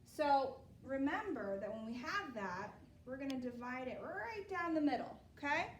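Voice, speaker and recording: Woman, teacher, phonics lesson for kids, high voice, echoey room, distant mic. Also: expressive, moderate pace, slight background noise. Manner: patient, checks in with "okay?" often.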